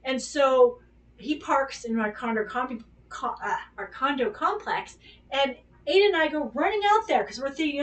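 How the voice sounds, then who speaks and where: A woman, a dog groomer, telling a personal story in a casual, animated, exclamatory way and swearing freely. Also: high-pitched, moderate pace, recorded from a distance.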